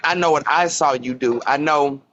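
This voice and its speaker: A man on a live stream call, blunt and calmly dismissive. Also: fairly high pitch, normal speed. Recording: muffled stream audio.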